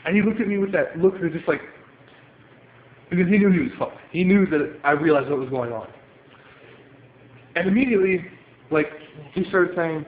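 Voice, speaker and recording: A man's voice: high-pitched, moderate pace, long pauses. A man ranting angrily at home, pacing as he talks and swearing often. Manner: heated, profane, paces while talking. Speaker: card game player venting on video. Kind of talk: angry ranting monologue. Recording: tinny phone-like audio with room echo and faint hiss.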